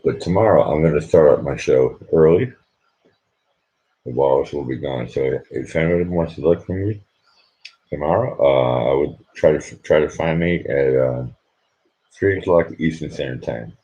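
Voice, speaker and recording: A sleepy man hosting a late-night livestream, talking quietly and rambling so he won't wake anyone at home. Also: very deep voice, normal speed, muffled recording. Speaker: livestream host.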